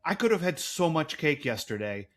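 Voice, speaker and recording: A man's voice: fairly high pitch, very animated, moderate pace. A man in his forties co-hosting a podcast in casual chat, rambling and jokey. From United States. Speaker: podcast co-host.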